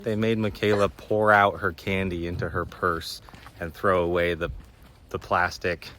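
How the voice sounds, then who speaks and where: A man's voice: sits low, little pitch movement, unhurried, a bit bright. A young man chatting casually and matter-of-factly in a travel vlog, filmed on a handheld camera outdoors. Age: young adult. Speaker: vlogger. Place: outdoors on a trip.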